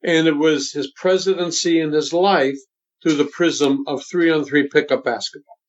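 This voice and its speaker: A man in his seventies, a voice coach, talking in a deliberate and emphatic instructive way during an interview. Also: fairly high pitch, steady tone. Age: 70s. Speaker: voice coach guest. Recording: dull lo-fi sound.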